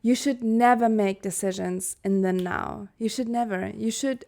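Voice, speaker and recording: A woman's voice: fairly high pitch, unhurried, creaky, darkish tone. Earnest young woman teaching from Germany. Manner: earnest, candid, corrects herself with a laugh. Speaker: Human Design teacher. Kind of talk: explanatory video lesson.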